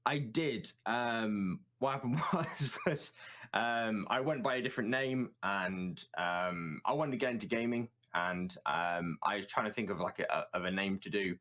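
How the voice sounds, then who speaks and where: A man, a guest chatting in a relaxed, self-mocking way over a remote call, often repeating his words. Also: on the low side, unhurried. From southern England. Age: 30s. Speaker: guest streamer. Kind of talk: casual chat on a live stream.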